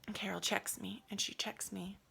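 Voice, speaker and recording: A young adult woman telling her own birth story with feeling, acting out what was said and dropping to soft whispers. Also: mid-range voice, moderate pace, gravelly, slightly rough. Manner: animated, acts out quotes, swings to soft whispers. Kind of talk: emotional personal storytelling.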